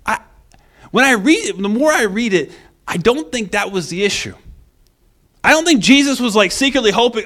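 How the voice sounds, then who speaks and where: A man preaching a conversational sermon in an animated way, acting out the quoted lines. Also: high-pitched, moderate pace, pauses often.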